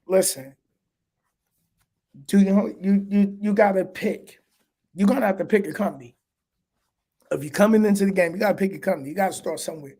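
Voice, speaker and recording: High-voiced laid-back man, casual chat. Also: steady tone, normal speed, long pauses, warm tone. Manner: laid-back, slangy, laughs often. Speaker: trucker livestream host.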